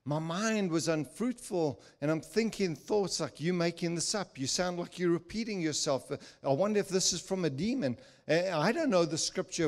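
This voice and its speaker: An older man preaching in a church, telling a personal story with laughter and acted-out quotes. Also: a little high. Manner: animated, laughing storyteller who acts out quotes. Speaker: guest speaker.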